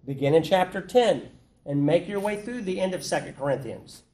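A man's voice: sits high, animated, normal speed, darkish tone. A man leading an interactive Bible study, teaching conversationally and putting questions to the group. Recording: echoey room with faint noise.

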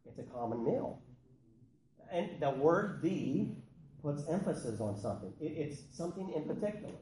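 A man leading a Bible study class, his voice sitting a little high as he questions the group and calls on readers. He sounds roomy and echoey, with a faint noise behind him. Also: moderate pace. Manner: animated, calls on people, asks the group questions. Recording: echoey room with some background noise.

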